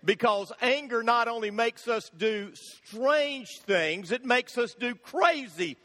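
A man preaching a sermon, telling funny stories in an animated way and acting out the shouting in them. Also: very high-pitched, slow pace. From Florida, USA. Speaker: pastor. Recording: long hall reverb.

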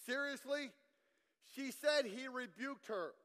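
A man, a guest preacher telling a story in an animated sermon. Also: high-pitched, fairly quick. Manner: animated storytelling preacher, asks the crowd to respond. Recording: long reverb in a hall.

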